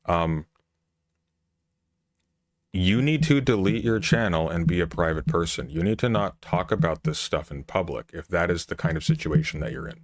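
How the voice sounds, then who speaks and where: A man talking calmly and firmly, measured and lecturing as he steers a call. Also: low-pitched, dry recording, studio quality. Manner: calm, measured, firm and lecturing. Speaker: interviewer.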